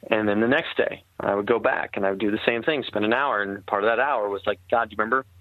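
A man's voice: fairly low pitch, quick pace, no echo. A man, a former army captain, earnestly telling a personal war story in casual conversation, with many fillers and restarts. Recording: tinny phone-like line.

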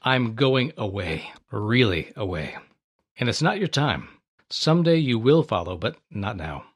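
A man voicing a sorrowful teacher who speaks softly and tenderly in a Bible paraphrase. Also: fairly low pitch, sing-song, slightly rough, heavily acted. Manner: soft and slow, tender. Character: calm, sorrowful male teacher, adult.

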